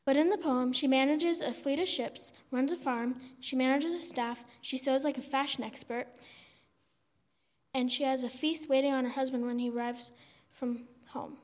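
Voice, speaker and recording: Casting: a woman preaching, high-pitched, wry and humorous, with echoey hall sound. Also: steady tone, moderate pace. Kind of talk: sermon.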